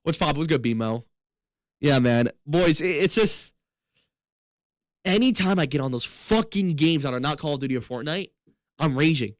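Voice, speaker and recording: A young man with a fairly high, animated voice is live streaming as a gaming streamer, trading loose, profane, fast-shifting banter with viewers between laughs. There's no room sound.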